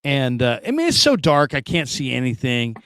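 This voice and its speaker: A man's voice: mid-range voice, normal speed, smooth, no room sound, clean studio sound. A middle-aged man hosting a casual sports talk show, telling stories and acting out quoted voices with lots of energy. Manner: animated storyteller, acts out quoted voices.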